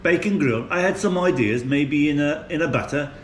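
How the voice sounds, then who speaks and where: Chatty English vlogger in an echoey room. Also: male voice, on the high side, normal speed, slight background noise. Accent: English, West Midlands with a Maltese tinge. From England, West Midlands. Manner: chatty, rambling, chuckling. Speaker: food vlogger. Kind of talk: casual food review vlog. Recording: echoey room, faint ambience.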